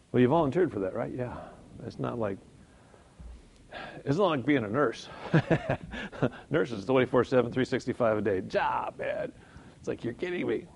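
A man's voice: mid-range voice, lively intonation, a little slow, vocal fry, pauses often, a little mellow, a little hiss or hum. A man giving an informal sermon, talking conversationally, chuckling often and joking about himself. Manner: conversational, chuckles often, jokes at his own expense. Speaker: Christian speaker.

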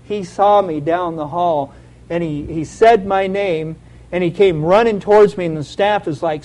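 A man's voice: sits high, normal speed, darkish tone, poor audio. A man giving an earnest, heartfelt sermon with a personal testimony. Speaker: lay preacher.

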